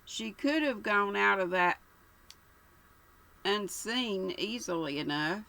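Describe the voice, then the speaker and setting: An older woman reading a mystery novel aloud at an unhurried pace, now and then stumbling over a word. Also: medium pitch, expressive, creaky, sharp tone, poor audio. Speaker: channel host reading aloud.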